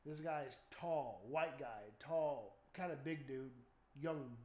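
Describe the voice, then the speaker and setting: A man chatting casually at home as a streamer, telling stories animatedly with loud startled outbursts and swearing. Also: fairly high pitch, takes it slowly. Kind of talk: casual chat. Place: home room. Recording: echoey room.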